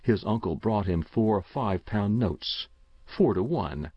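In a dull, dry, lo-fi recording with no room sound, a man narrates an audiobook in a measured, expressive storytelling style. His voice is on the low side and slightly rough.

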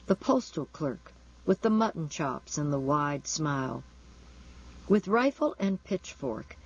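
An audiobook narrator reading a novel in a measured, deliberate storytelling manner. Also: mid-range voice. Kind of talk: scripted narration of a horror novel. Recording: dull lo-fi recording.

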